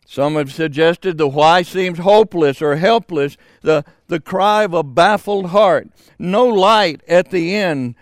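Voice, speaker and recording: An older man preaching a sermon, slow and emphatic with dramatic pauses. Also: high voice, dry recording, studio quality.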